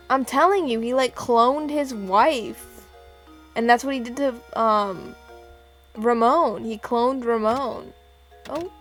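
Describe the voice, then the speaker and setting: A young woman chatting casually as she plays a puzzle game, giggling and thinking out loud. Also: a little high. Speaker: game streamer. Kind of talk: casual let's-play chat.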